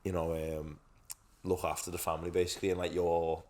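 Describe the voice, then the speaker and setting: Low-voiced man chatting, lots of swearing. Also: little pitch movement, a little fast, darkish tone. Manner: swears often, keeps saying "lad". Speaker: podcast co-host. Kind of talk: casual chat. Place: studio set with a couch.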